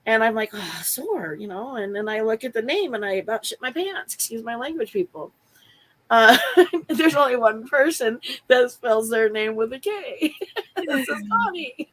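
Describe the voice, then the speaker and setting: A woman's voice: fairly high pitch, expressive, moderate pace, a bit bright, poor audio. A woman guest in a casual conversation, a former client who talks bluntly and candidly, laughing often and swearing mildly.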